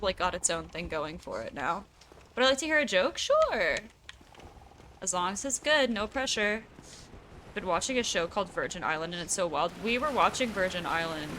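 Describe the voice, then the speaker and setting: Young east coast american woman streaming, chatty, laughs a lot, swears loosely, noisy background hum. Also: medium pitch. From United States. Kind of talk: casual chat while gaming.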